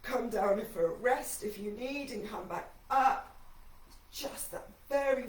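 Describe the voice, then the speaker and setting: A woman's voice: a little high, slow, far from the mic. Woman coaching a mat workout, echoey. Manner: encouraging cues paced to breathing, slightly breathless. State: shaky voice from exertion. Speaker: fitness instructor. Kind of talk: guided workout instruction.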